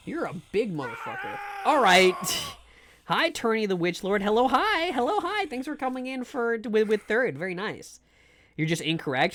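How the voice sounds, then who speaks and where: A man's voice: high voice, big pitch swings, normal speed, a bit bright. Guy streaming a game, goofy rambly chat, trips over his words a lot. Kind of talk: casual live gameplay commentary.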